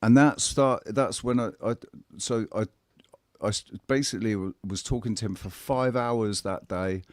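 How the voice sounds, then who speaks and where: A man's voice: on the low side, dry recording, studio quality. A man telling a personal story in casual chat, blunt and candid, swearing and often restarting his sentences. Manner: halting, with frequent restarts.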